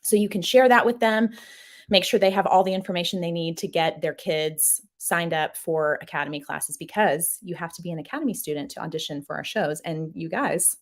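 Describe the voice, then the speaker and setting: A woman's voice: fairly low pitch, a little fast. A young adult woman hosting a casual live stream from a small office, gushing and upbeat as she reads viewer comments. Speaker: host.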